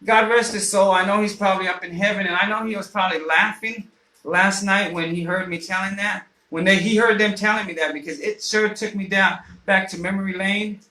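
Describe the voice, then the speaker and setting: Man, high voice, casual rambling storyteller, swears a lot, radio host, echoey room. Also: steady tone, fairly quick, pushed and bright. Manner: rambling, profane, frequent fillers and restarts. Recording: roomy echo.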